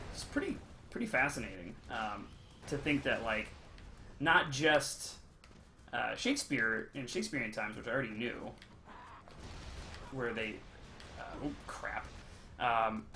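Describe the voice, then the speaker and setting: A man's voice: medium pitch, noisy background. A young man chatting casually on a game stream, rambling with many ums and uhs. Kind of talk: casual chat while gaming, reading chat.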